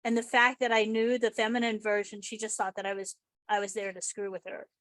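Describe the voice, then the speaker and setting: A woman's voice: medium pitch, little pitch movement, brisk, a bit bright, no room sound. An American woman hosting a podcast interview over an online call, chatty and rambling, laughing easily. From United States. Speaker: podcast host. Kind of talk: casual remote interview chat.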